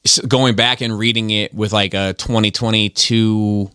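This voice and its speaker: Male podcast host, lowish voice, halting casual delivery, dry mic. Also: fairly even intonation, bright, forceful tone, clean tone, dry recording. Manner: halting, many restarts and fillers. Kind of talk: casual chat.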